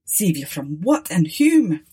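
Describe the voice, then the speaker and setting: A woman voicing a stern, demanding male sea captain who barks sharp questions at his crew, with a husky voice. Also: lowish voice, big pitch swings, slow pace, full character voice.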